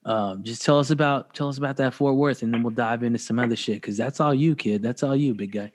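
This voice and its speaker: Loose, profane podcast host. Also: male voice, medium pitch, fast talker. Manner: loose, profane, joking banter. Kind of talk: casual chat.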